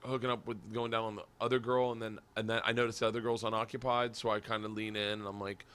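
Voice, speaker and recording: A man hosting a podcast, telling a wild story in a casual chat, laughing often and shouting the quoted lines. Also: fairly low pitch, little pitch movement, quick pace, clear, resonant tone. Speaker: podcast host.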